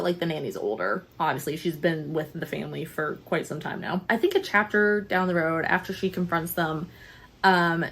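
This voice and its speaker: A young woman vlogging a casual, animated book review, chatty and quick to laugh. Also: fairly low pitch, gravelly, breathy edge.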